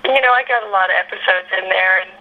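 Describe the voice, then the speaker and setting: An actress being interviewed, telling candid stories in a rambling, chatty way, full of fillers and laughter. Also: female voice, mid-range voice, quick pace, phone-quality sound. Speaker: actress guest.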